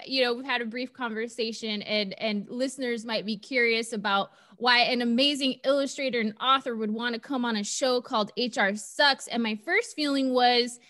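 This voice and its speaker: Excitable woman podcast host. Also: on the high side, normal speed, hardly any pauses, no echo, clean studio sound. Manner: gushing, excitable, swears casually. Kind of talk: casual interview chat.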